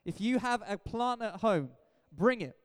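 Pastor, high resonant voice, emphatic and playful sermon delivery, long hall reverb. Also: male voice, measured pace, clear, resonant tone. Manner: energetic, jokey, emphatic preaching. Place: church hall.

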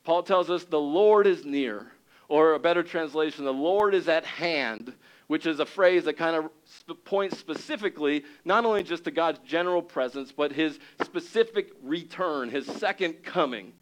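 A man preaching to a congregation with a fairly high-pitched voice. He is animated, acting out little scenes with excited raised tones before falling quieter for earnest points. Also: normal speed, rough recording. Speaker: pastor. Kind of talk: sermon.

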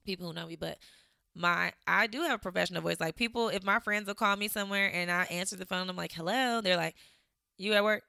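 A woman's voice: fairly low pitch, steady tone, fast, creaky, pushed and bright, no room sound, studio quality. Chatty young woman with a slight Southern drawl. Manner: chatty, lots of fillers, laughs often. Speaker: vlogger. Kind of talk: casual reflective talk to camera.

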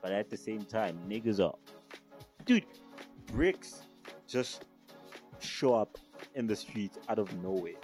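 A man's voice: on the low side, expressive, slow pace, long pauses, darkish tone, faint music behind. A young South African man ranting heatedly to camera, profane and emphatic. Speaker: vlogger. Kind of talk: casual rant to camera.

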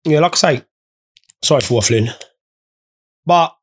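Stoned podcast guy, rambly and sweary, lively up-and-down voice. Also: on the high side, unhurried, husky. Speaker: podcast host. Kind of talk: casual podcast chat.

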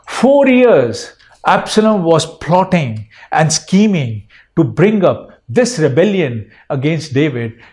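A man preaching a sermon to his church, repeating phrases and swinging from quiet murmurs to loud, emphatic peaks. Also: a little high. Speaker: pastor.

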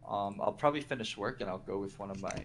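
A man on a podcast panel, giving plain, deliberate opinions. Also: fairly low pitch, noisy background. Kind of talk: casual chat.

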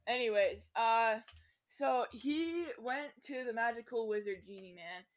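A woman's voice: on the high side, unhurried. A woman co-hosting a podcast, telling a silly made-up story in a giggly, rambling way. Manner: giggly, rambling, makes it up as she goes. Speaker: podcast co-host. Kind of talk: playful improvised storytelling.

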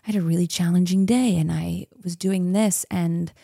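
Woman, 30s, guest; warm gravelly tone, chatty storyteller, dry close sound. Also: on the low side, fairly even intonation, normal speed, dry recording. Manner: chatty storytelling with frequent laughs. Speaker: podcast guest. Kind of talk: casual interview chat.

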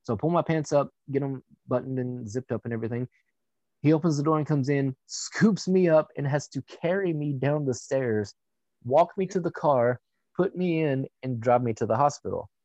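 A young man tells a personal story in a loose, conversational way, full of fillers and blunt swearing. His voice sits in a middle pitch and sounds dry and close, with no room around it. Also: moderate pace, a little mellow, dry recording. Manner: candid and profane, with frequent fillers. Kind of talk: casual personal anecdote.

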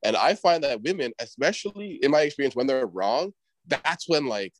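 A man's voice: mid-range voice, animated, moderate pace, no echo, poor audio. A man in casual chat, giving rambling advice with heavy slang and swearing.

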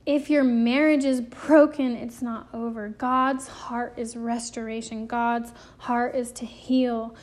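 Earnest high-voiced woman preaching. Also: flat delivery, takes it slowly, few pauses, a little mellow. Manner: emotional, close to tears. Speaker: podcast host. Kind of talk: devotional podcast talk.

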